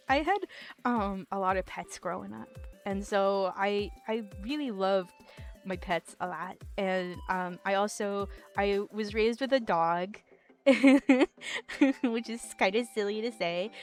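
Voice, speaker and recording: A woman streamer chatting casually with her live chat, rambling and giggling often with lots of "like". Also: on the high side.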